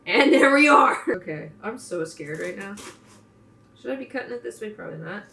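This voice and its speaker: A woman's voice: medium pitch, expressive, brisk, vocal fry, a crowd in the background. Chatty self-mocking woman, roomy sound. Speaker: craft vlogger. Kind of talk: casual chat while crafting. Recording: roomy, from a distance.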